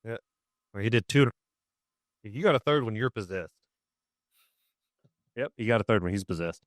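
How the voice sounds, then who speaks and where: A man in his thirties co-hosting a casual podcast, dropping deadpan joking remarks. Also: lowish voice, normal speed, no echo, clean studio sound. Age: 30s. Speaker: podcast co-host. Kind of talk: casual chat.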